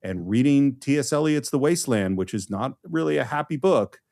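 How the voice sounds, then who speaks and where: A man's voice: mid-range voice, animated, normal speed, vocal fry, a little mellow. A man co-hosting a podcast, explaining a film in a casual, enthusiastic way with frequent restarts. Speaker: podcast co-host.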